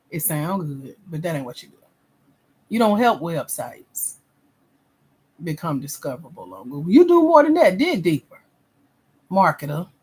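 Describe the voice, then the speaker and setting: A woman's voice: fairly low pitch, slightly rough. A woman hosting a livestream as a grant coach, reading viewer comments aloud and giving blunt, sassy feedback in casual slang.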